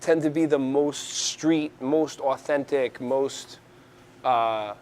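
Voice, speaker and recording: A man's voice: mid-range voice, slow, a little hiss or hum. A man from New York City talking in a conversational interview, rambling with frequent restarts. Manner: rambling, restarts often, animated storyteller.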